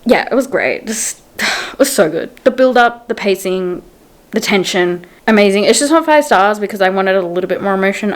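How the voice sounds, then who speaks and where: A woman's voice: mid-range voice, normal speed. A young adult woman vlogging casual book-review chat, retelling scenes in quotes and saying "like" often.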